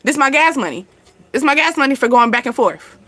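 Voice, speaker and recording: A woman's voice: sits high, sing-song, brisk, bright, forceful tone, dry recording. A woman hosting her channel, giving casual advice to viewers in a chatty, blunt way, laughing often and swearing now and then. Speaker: channel host.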